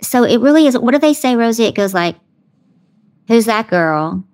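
Animated woman guest telling stories. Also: a little high, fast talker. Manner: animated storyteller, acts out others' lines. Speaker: podcast guest. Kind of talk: casual conversation.

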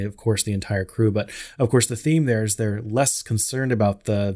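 A man co-hosting a podcast, chatting casually about a movie and padding his sentences with "you know". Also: fairly low pitch. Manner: rambling, frequent "you know" fillers. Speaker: podcast co-host. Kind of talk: casual film discussion.

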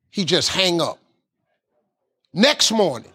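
A man tells a motivational story in a husky, fairly high voice. His delivery is animated and folksy, with loose, casual grammar. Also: normal speed. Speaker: guest speaker.

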